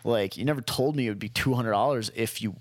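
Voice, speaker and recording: A man's voice: mid-range voice, fast, no echo. A young man in casual conversation telling a long story, rambling, swearing freely and acting out what people said. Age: young adult. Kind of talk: casual chat.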